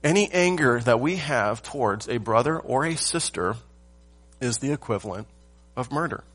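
In a middle-pitched, expressive, slightly bright voice, a male pastor delivers a morning sermon. He leans on key phrases, pauses for weight, and poses rhetorical questions to the congregation.

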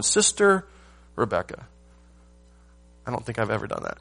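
A male pastor preaching a sermon, stressing key words with pauses and rhetorical questions. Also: fairly low pitch, big pitch swings, creaky, a bit bright.

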